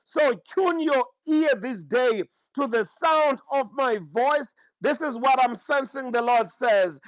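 High-pitched male preacher, fervent prophetic delivery, dry close sound. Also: fairly bright tone, dry recording, low-quality recording. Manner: fervent, repeats praise phrases. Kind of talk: prophetic sermon and prayer.

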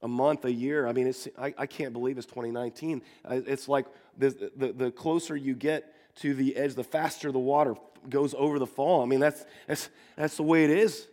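Earnest pastor preaching in a reverberant church. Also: male voice, medium pitch, fairly even intonation, moderate pace, few pauses, darkish tone. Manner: earnest, repeats words when building a point. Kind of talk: sermon. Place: church sanctuary.

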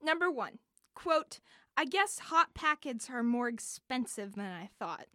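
A woman's voice: high-pitched, big pitch swings, unhurried, fairly bright tone, dry recording, studio quality. A young woman co-hosting a casual podcast, plainly running a quiz segment. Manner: plain, matter-of-fact, runs quiz segments. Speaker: podcast co-host.

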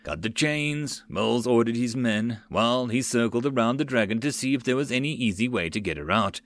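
A man narrating a web novel as an audiobook, steady storytelling. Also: medium pitch, brisk, no room sound.

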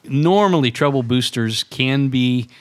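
A man's voice: mid-range voice, a little slow. A man co-hosting a podcast, chatting casually and teasing. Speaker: podcast co-host.

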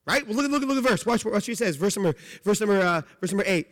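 A pastor preaching with a high-pitched voice that rings out over a long echo in the hall. He stresses some lines forcefully, then drops to low, quiet phrases. He preaches a sermon with steady emphasis. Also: fast, hardly any pauses.

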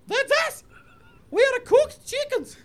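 A man voicing a loud, bossy old grandmother in a brash, laughing falsetto, hosting a comedy podcast. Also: animated, takes it slowly, heavily acted. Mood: chatty. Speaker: podcast host in character.

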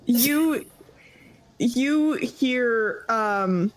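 A woman running a tabletop game as game master, narrating in a relaxed, hesitant way with many fillers. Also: a little high, very slow, rough recording.

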